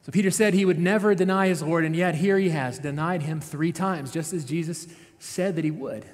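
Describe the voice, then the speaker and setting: A man's voice: fairly high pitch, brisk. A man, a pastor, giving a conversational sermon, retelling a story with frequent "right?" asides. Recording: long reverb of a large hall.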